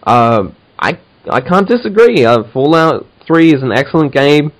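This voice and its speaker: A man's voice: on the high side, lively intonation, normal speed, low-quality recording. A man hosting a casual podcast chat, talking with enthusiasm and many fillers and restarts. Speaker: podcast host.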